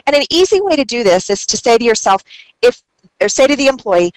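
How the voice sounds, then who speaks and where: A woman presenting a recorded webinar. She teaches through anecdotes and adds quick asides as she talks. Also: on the high side, animated, dry recording, rough recording.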